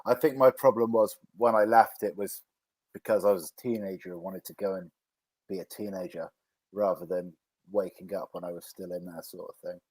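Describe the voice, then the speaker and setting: A man speaks in a fairly low voice during a casual live chat as a co-host or guest. He talks in a relaxed way, letting his phrases trail off softly. The sound is dry, with no room echo. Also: brisk, breathy edge.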